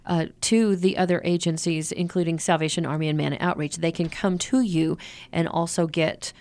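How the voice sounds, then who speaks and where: A woman hosting a community radio interview, chatty and full of quick affirmations. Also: on the low side, steady tone, darkish tone. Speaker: radio show host.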